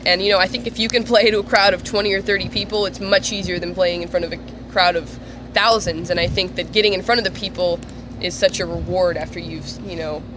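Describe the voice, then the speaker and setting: Young woman, stuffy nasal cold voice, eager gushing answers, band interview, loud street traffic behind. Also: fairly low pitch, steady tone, fast, few pauses. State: congested from a cold. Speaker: band singer. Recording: noisy street background.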